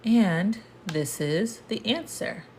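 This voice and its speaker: A woman teaching a casual livestream lesson, explaining patiently and repeating words slowly. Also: medium pitch, lively intonation, darkish tone, a little hiss or hum. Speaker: Spanish teacher.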